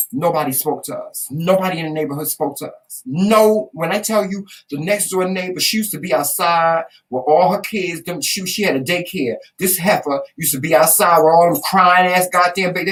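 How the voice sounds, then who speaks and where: Southern-accented woman co-host, lively and emphatic, slightly distant from the mic. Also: on the low side. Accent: Southern American. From Southern United States. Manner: animated, emphatic, salty storytelling with folksy asides. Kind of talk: casual chat.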